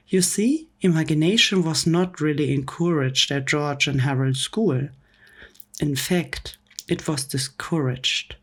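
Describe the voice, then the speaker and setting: A woman reading a comic book story aloud in a soft, gentle whispered role-play for bedtime. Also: low voice. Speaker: ASMR storyteller.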